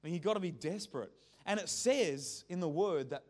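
A man's voice: fairly high pitch, fairly quick. A man preaching a sermon, telling a story in a conversational, joking way. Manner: conversational, lively storytelling with jokes.

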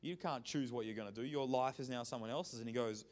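Delivering a sermon at a fast clip, this man speaks in a mid-range voice. His storytelling is conversational and lively, full of jokes.

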